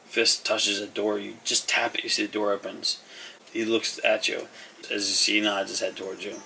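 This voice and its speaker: A man's voice: lowish voice, level tone, moderate pace, creaky, bright, forceful tone, far from the mic, slight background noise, poor audio. A man narrating a tabletop game as game master, loose and rambling with fillers.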